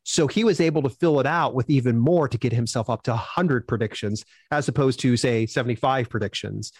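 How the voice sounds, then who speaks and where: A man answering interview questions as a self-publishing expert, upbeat and animated, acting out quotes as he tells stories. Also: medium pitch, fairly quick, husky, no echo.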